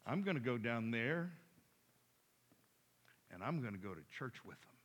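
A pastor voicing an old, wise, sly male demon who coaxes in a low, hushed whisper during a sermon story. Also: sing-song, moderate pace, breathy edge. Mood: coaxing.

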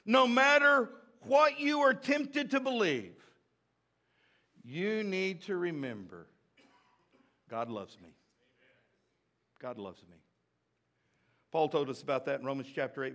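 A man preaching a sermon as pastor, repeating key phrases and swinging between loud emphasis and hushed moments. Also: high-pitched. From United States.

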